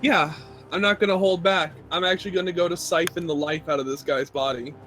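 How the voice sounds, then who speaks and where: A man's voice: on the high side, steady tone, fairly quick, fairly bright tone, soft background music. Casual man playing a tabletop game. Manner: casual, self-deprecating, decides aloud. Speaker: player.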